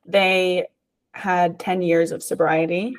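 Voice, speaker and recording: A woman's voice: lowish voice, level tone, slow pace, no room sound, low-quality recording. A woman hosting a casual podcast interview, talking earnestly and conversationally. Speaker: podcast host.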